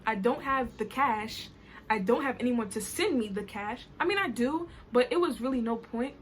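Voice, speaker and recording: A young woman with a Caribbean accent tells an indignant, animated story in a casual vlog. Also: a little high, moderate pace, slight background noise. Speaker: vlogger. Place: New York.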